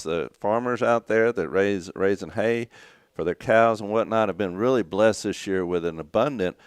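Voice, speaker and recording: Deep, smooth-voiced Texan pastor. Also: male voice, no room sound, studio quality. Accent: East Texas. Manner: earnest, folksy, repeats words. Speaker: pastor guest. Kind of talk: casual radio chat.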